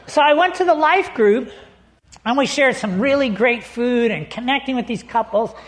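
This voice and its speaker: A man's voice: very high-pitched, moderate pace. A man preaching as a pastor, telling a personal story with humor and acting out the people in it before reading scripture. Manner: lively storyteller, acts out quotes, laughs easily.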